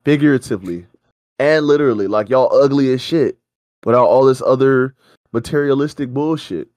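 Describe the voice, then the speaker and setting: A man's voice: mid-range voice, brisk, darkish tone, no echo, clean studio sound. A man co-hosting a reaction show, ranting in heated, profane casual chat.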